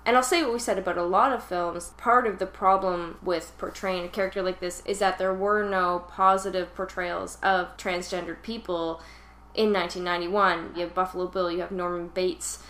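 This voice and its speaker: A woman's voice: fairly low pitch, fairly even intonation, normal speed, fairly bright tone. A woman co-hosting a podcast, talking casually and animatedly about a film. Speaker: podcast co-host. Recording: roomy echo.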